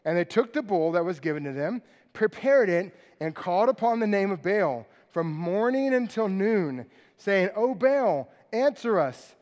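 A high-pitched man delivers a sermon in a large auditorium, and his voice rings with a long hall reverb. He tells the story with animated energy and jokey, sarcastic asides, then drops into a quieter, earnest tone. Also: normal speed. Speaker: pastor.

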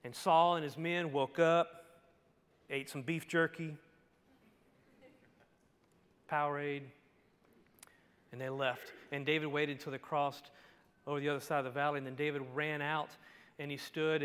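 A male pastor preaching a sermon, telling the story dramatically and swinging from hushed lines to shouts. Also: a little high, measured pace. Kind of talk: expository sermon. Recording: long hall reverb.

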